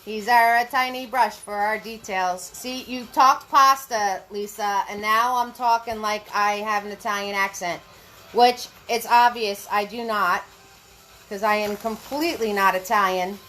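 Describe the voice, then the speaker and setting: A woman's voice: medium pitch, steady tone, measured pace, fairly bright tone, soft background music, low-quality recording. A woman leading a live painting class, chatty and encouraging, greeting viewers as she goes. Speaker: paint party instructor. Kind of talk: live online painting lesson.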